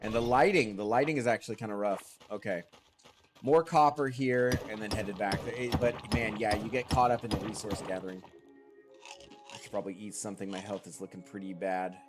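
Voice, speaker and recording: A man's voice: lowish voice, steady tone, fairly quick. A man streamer giving casual, rambling gameplay commentary and answering his chat, still congested from a lingering cold. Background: game music.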